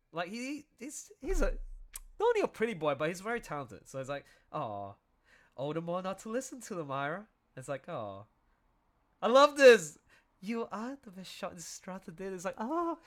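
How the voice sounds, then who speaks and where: Excitable chatty man with lively pitch. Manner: excitable, chatty, laughs often. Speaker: creator commenting on his audio drama. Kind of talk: casual commentary livestream.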